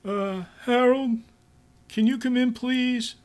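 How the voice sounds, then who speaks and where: A man's voice: extremely high pitch, fairly even intonation, slow pace, voice pushed up. A man voicing an awkward new male boss who hesitates and fills his talk with "uh" and "um". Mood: hesitant. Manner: hesitant, full of "uh" and "um".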